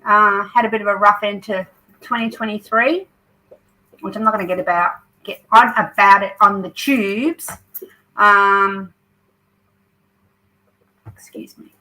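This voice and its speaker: A woman's voice: mid-range voice, steady tone, unhurried, bright, forceful tone, poor audio. A woman with an Australian accent hosting a live craft stream, chatting and reading out viewer comments. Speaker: craft channel host.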